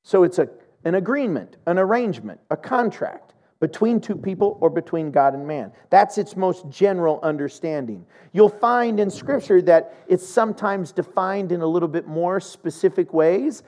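A man preaching a sermon as a pastor, who explains a teaching and then tells a lively personal story, acting out the voices of the people in it. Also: on the high side, normal speed.

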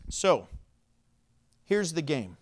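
A man preaching a sermon as pastor in a church, playful and energetic, joking with the congregation. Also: fairly high pitch, drawn-out words. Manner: playful, self-mocking, energetic.

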